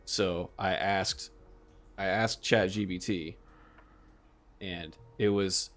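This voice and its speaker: Laid-back young man host, lowish voice. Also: steady tone, slow, a bit bright. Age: 20s. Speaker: podcast host. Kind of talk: casual chat.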